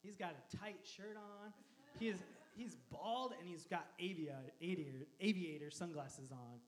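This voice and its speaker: A man in his thirties, a pastor preaching a sermon, telling a story with animated energy and frequent laughter. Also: high voice, normal speed. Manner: animated storyteller, laughs often, shouts quoted lines.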